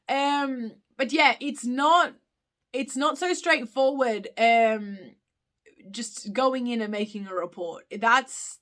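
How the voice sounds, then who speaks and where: A bright, fairly high-voiced Irish woman answers viewer questions on a casual live stream. She talks openly and warmly into the phone, with lots of fillers and restarts as she thinks aloud. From Ireland. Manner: chatty and open, many fillers and restarts.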